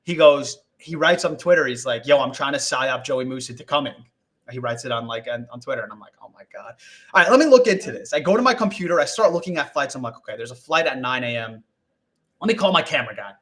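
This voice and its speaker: A young man telling a rambling story as a guest on a live video call, animated and full of swearing and acted-out quotes. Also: medium pitch, quick pace. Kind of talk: casual storytelling on a live stream.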